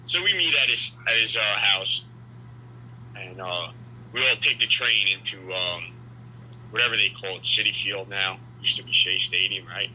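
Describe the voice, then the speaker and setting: A man telling a story in casual podcast chat, animated and profane. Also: low-pitched, normal speed, dull audio, slight background noise. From New York.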